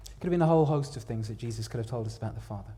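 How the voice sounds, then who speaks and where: A man preaching a sermon in a church, telling the story dramatically, swinging from hushed to loud and repeating words for emphasis. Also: medium pitch, very fast.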